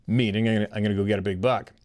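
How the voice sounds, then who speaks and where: A man's voice: on the low side, fairly even intonation, racing, a little mellow. A man hosting a show, telling odd personal stories in a rambling way and chuckling as he talks to his listeners. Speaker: host reading listener stories. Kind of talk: casual storytelling.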